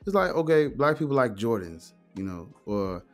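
Animated man talking emphatically. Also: medium pitch, moderate pace, soft background music. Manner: animated, emphatic, swearing, frequent "you know what I'm saying". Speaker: guest, atheist streamer. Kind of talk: casual conversation.

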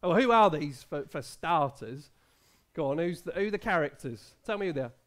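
A man's voice: fairly high pitch, lively intonation, fairly quick. Playful man quizzing children. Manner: playful, quizzing the children, many restarts and laughs. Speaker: pastor. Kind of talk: family service talk with children. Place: church hall.

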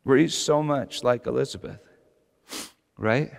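Passionate middle-aged preacher in a reverberant hall. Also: male voice, mid-range voice, measured pace, creaky. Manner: passionate, storytelling, rising to shouts. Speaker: pastor. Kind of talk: sermon.

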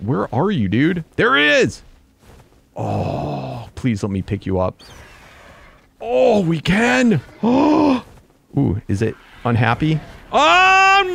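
A young man giving excitable let's-play commentary, yelping and groaning at mishaps while playing a game. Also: medium pitch, creaky. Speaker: gaming YouTuber.

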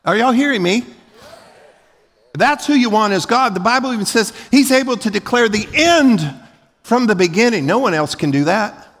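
A man's voice: high-pitched, lively intonation, normal speed. A man preaching a sermon as pastor, emphatic and folksy, acting out short everyday scenes. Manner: emphatic, rising to loud peaks. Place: large church sanctuary. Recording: long hall reverb.

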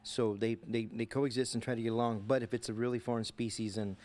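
A man's voice: mid-range voice, fairly even intonation, fast, a little mellow. A man who guides tours at a bug museum, explaining insects with enthusiasm on live TV.

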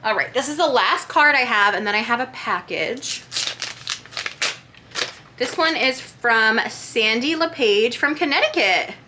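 A woman's voice: a little high, animated, a little slow, background noise. A woman vlogger chatting casually and reading holiday cards aloud, gushing and emotional.

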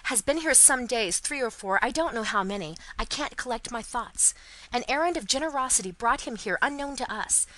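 A woman's voice: fairly high pitch, expressive, normal speed, pushed and bright, voice pushed up, rough recording. A woman voicing a frantic, distraught young wife in a storybook reading, pleading in broken, panting phrases.

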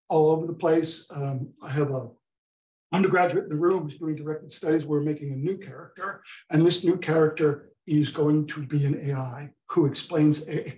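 A man lecturing to an audience in a room with audible echo. His voice sits high for a man, and he jumps into little acted-out exchanges as he explains, speeding up and slowing down with enthusiasm. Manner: animated, acts out quoted dialogue. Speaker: professor giving a talk.

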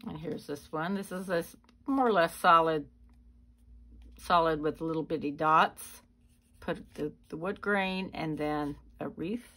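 Slow-talking woman showing her handmade cards. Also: deep voice, pushed and bright. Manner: chatty, unhurried walk-through. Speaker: card-making channel host. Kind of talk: casual show-and-tell of handmade cards.

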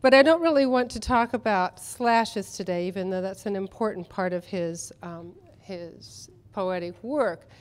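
A woman's voice: mid-range voice, a little slow, hardly any pauses. A woman who translates literature, speaking at a conference panel in a chatty, enthusiastic way with many ums and restarts. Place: conference session room.

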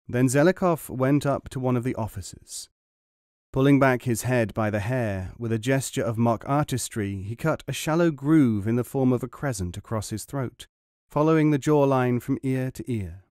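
Guy narrating an audiobook, even and measured, mid pitch. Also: no room sound, clean studio sound.

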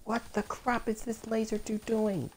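A woman giving let's play commentary, reacting out loud with exclamations and self-mocking frustration as she plays. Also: a little high, level tone, unhurried, a little hiss or hum. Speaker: gameplay commentator.

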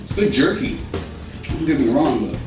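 A man doing a casual, crude food-challenge vlog, talking slowly and sometimes with food in his mouth. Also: mid-range voice, animated. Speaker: food review vlogger. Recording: roomy audio from far mic with guitar music.

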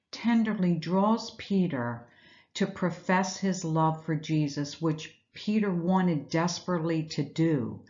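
A woman's voice: low voice, dark tone, dull audio. A woman giving an earnest, reflective Easter devotional message, retelling scripture and asking rhetorical questions. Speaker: Bible teacher.

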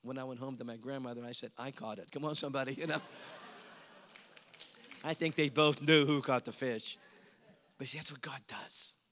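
Man, evangelist, revival sermon, animated storyteller, mid pitch, echoing church hall. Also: normal speed. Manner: animated storytelling, jumping to squeaky quoted voices. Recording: long hall reverb.

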